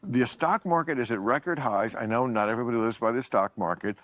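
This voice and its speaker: A man in a played interview clip, reasoning in a measured, conversational way. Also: medium pitch, fairly bright tone, dry recording.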